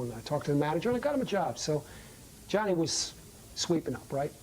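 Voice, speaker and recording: A woman tells a streetwise first-person story in a loose, chatty way, her pitch swinging widely as she talks. Her voice sits on the low side, and she often sinks into a hushed whisper for effect. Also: a little hiss or hum, poor audio. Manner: streetwise, conversational, dropping to whispers.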